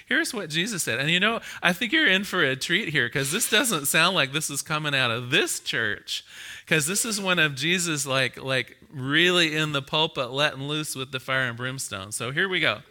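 A man preaching a conversational sermon, reading scripture aloud and telling stories with an animated, laughing manner. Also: a little high, normal speed. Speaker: minister.

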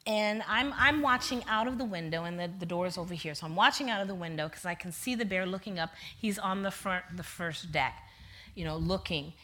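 Brief: woman minister, sermon, bright voice, lively storytelling and quiet, hushed preaching. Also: mid-range voice. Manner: animated storyteller, slowing to soft hushed preaching.

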